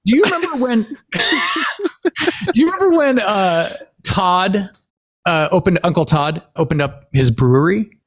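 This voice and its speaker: A man's voice: high-pitched, animated, a little slow, breathy edge. A man hosting a podcast, casually telling rambling family stories, laughing often and acting out what people said. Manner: rambling storyteller, laughs often, acts out quotes. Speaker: podcast host.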